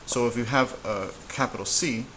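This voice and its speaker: A man teaching a casual whiteboard lesson, relaxed and halting, with frequent fillers and restarts. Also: medium pitch, a little hiss or hum, rough recording. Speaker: Spanish teacher.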